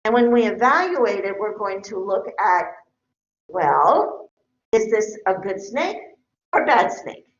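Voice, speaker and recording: A woman's voice: medium pitch, very animated, takes it slowly. A middle-aged woman lecturing a class in a conversational way, often checking in with her listeners. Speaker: teacher. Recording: echoey room, dull lo-fi sound.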